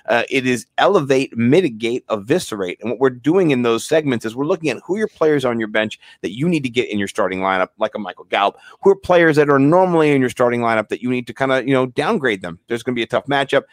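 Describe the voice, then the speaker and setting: Male podcast co-host, mid-range voice, rambling and excitable, reads sponsor plugs in a dry booth. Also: mid-range voice, quick pace, hardly any pauses, no echo. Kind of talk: casual sports podcast chat.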